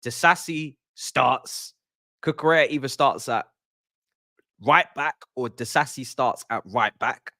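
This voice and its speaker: A man, hosting a live-stream pre-match chat as a football fan, in animated, exasperated, joking banter. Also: medium pitch, unhurried, no echo, studio quality.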